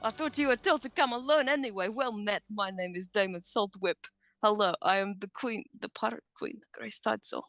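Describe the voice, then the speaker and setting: A woman voicing a brash male hobgoblin pirate first mate, out of breath and swearing in his excitement. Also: mid-range voice, normal speed, dry recording, studio quality, voice pushed up, lightly acted. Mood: excited.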